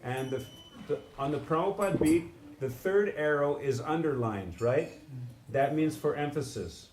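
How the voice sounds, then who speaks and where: A man teaching a live instrument lesson, halting with frequent restarts and singing syllables to demonstrate sounds. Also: on the high side, animated, darkish tone. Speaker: music teacher. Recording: echoey room with background noise.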